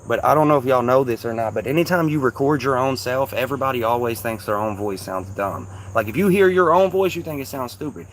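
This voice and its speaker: A man's voice: medium pitch, noisy background. Laid-back Louisville man chatting on a livestream. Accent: Louisville, Kentucky. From Kentucky. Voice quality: soft, slightly raspy. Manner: rambling, slangy, talks straight to viewers. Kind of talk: casual livestream chat.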